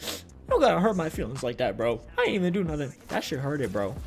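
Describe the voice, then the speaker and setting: A man's voice: a little high, huge pitch swings, quick pace. A young man from Canada telling a profane, rambling comedic story over gameplay. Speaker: gaming channel host. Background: faint background music.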